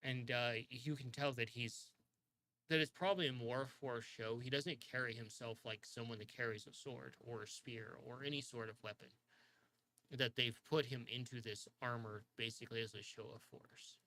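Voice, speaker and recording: Bright-voiced man narrating a tabletop game. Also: medium pitch, fairly even intonation, moderate pace, low-quality recording. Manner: rambling, full of fillers and restarts. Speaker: game master.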